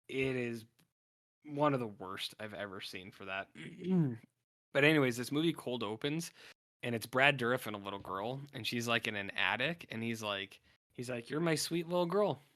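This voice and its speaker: A man on a casual podcast with a bright, sharp-edged voice and a medium pitch. He rambles through a film recap, strings "like" through his sentences and slips into little acted-out bits. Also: normal speed. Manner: rambling, heavy on "like", acts out scenes while recapping a film. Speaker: podcast co-host.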